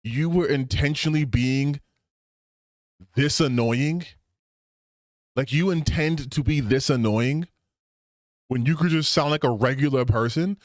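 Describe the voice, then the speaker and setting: A man streaming reaction commentary from a home setup, animated and exasperated, swearing a lot. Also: medium pitch, a little slow, long pauses, no echo, clean studio sound.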